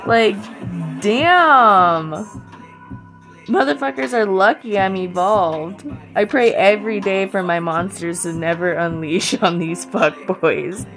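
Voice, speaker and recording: Slow-talking young woman joking profanely. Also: on the low side, faint music behind. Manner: profane, joking, laughs often, many fillers. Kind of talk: casual comic monologue.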